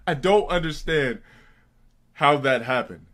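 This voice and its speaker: A man streamer telling a crude story in a profane, animated rant. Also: fairly high pitch, takes it slowly, faint music behind. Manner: profane and animated, with laughs and fillers.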